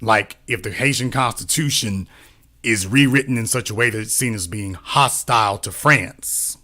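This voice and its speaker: A man's voice: on the low side, moderate pace, pushed and bright. A man talking as a political commentator in a casual discussion, often repeating himself and asking rhetorical questions.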